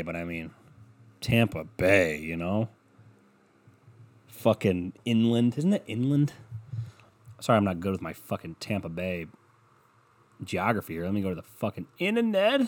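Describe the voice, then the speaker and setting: A man with a lowish, somewhat mellow voice hosts a laid-back solo podcast. Browsing online maps at his desk, he rambles on and swears sarcastically into a computer microphone.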